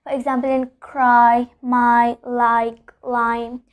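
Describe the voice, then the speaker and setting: A woman with a high voice teaches English pronunciation. She explains each rule patiently, says every example word more than once and keeps checking in with "okay?". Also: little pitch movement, slow, clean tone, narrow, tinny audio. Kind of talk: spoken pronunciation lesson.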